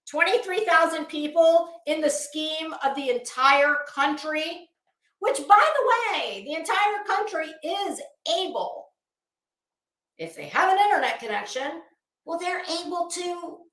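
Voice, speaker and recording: A woman's voice: high voice, fairly bright tone. A middle-aged woman giving a casual, blunt and profane rant as a YouTube commentator, heavy on sarcasm. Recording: roomy echo.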